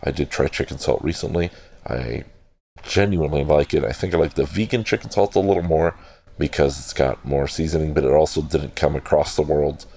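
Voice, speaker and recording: A man's voice: very deep voice, brisk, creaky, mellow. A man hosting a casual, digressive film talk, swearing freely and correcting himself as he goes. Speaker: podcast host reviewing a film. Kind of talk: casual rambling film commentary.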